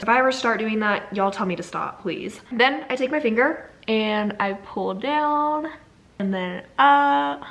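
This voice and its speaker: A woman's voice: fairly high pitch, expressive, unhurried, gravelly, fairly bright tone. Chatty young woman vlogging. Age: young adult. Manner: chatty, playful, upbeat. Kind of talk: casual vlog chat. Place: home, then outdoors on errands.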